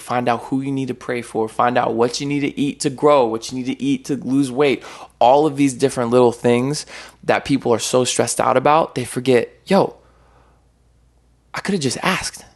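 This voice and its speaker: A man talking as a podcast guest in a fervent, rambling, slangy way about faith. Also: medium pitch. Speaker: podcast guest, worship artist. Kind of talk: casual faith chat.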